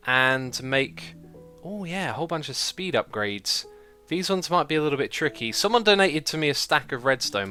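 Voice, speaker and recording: A man's voice: fairly high pitch, sharp tone. A man hosting a gaming livestream, chatting casually, laughing often and reading out donations and chat messages. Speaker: streamer host.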